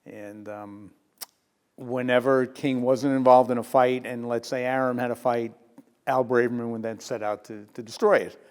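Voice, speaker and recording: An older man, a retired sports journalist telling lively stories in an interview, often laughing. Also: medium pitch, moderate pace, smooth, long reverb tail. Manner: lively anecdotal storyteller who laughs and acts out quotes. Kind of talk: storytelling in a sit-down interview.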